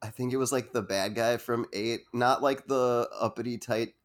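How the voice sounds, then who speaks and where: A man's voice: medium pitch, steady tone, normal speed. A man hosting an interview, asking long, rambling questions full of fillers. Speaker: host. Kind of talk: casual interview chat.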